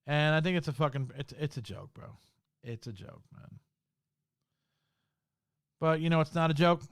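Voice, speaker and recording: A man's voice: medium pitch, clear, resonant tone, no echo, clean studio sound. A man hosting a podcast, ranting on his own with a lot of swearing and repeated phrases. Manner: heated, swearing, repeats himself. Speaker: podcast host. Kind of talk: profane solo rant.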